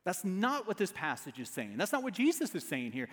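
A man delivers a sermon with a high, expressive voice that swings up and down. He preaches with an emphatic, repeating rhythm, and a long hall reverb trails behind each phrase. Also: a little fast. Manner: emphatic, repetitive preaching cadence. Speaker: pastor.

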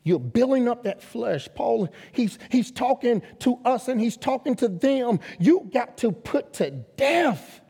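High-voiced man preaching in a reverberant hall. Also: very animated, slow pace, gravelly, hardly any pauses, slightly rough. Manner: emphatic preaching, rising to loud exhortation; call-and-response with the congregation. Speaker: guest pastor. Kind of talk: sermon. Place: church sanctuary. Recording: long reverb of a large hall.

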